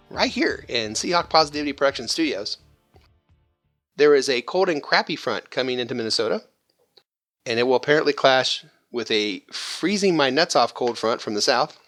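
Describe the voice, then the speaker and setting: A man's voice: mid-range voice, fairly bright tone. A man hosting a fan call-in show in a playful, hammy, jokey manner. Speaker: host.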